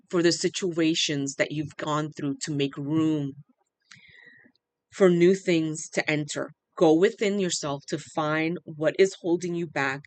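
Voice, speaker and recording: An earnest tarot reader talks through a channeled reading, repeating phrases and pausing often as if moved. The voice sits at an ordinary middle pitch and sounds emotional throughout. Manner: emotional, says they are overwhelmed.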